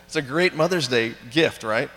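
Bright-voiced pastor in a reverberant church. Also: male voice, mid-range voice, normal speed. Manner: conversational, with fillers and audience questions. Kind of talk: sermon. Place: church sanctuary. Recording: long hall reverb.

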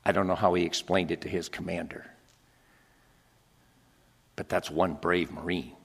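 A man preaching a dramatic sermon, swinging from hushed whispers to shouted climaxes. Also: deep voice, steady tone, normal speed, vocal fry, slightly rough. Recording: long reverb of a large hall.

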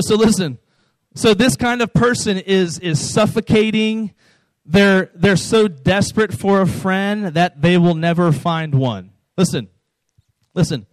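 A man's voice: high voice, no echo, low-quality recording. A man in his thirties giving a casual, conversational sermon as a pastor, often repeating his words for emphasis.

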